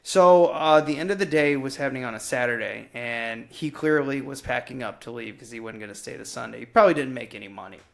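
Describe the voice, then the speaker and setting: A man in his thirties co-hosting a movie podcast, telling stories in a casual, profane, animated way. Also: mid-range voice, fast, gravelly, hardly any pauses. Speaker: podcast co-host.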